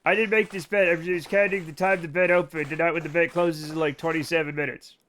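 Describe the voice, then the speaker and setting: A man's voice: fairly high pitch, level tone, fast, a bit bright, a little hiss or hum. A man streaming a game live, rambling casually and talking straight to his chat.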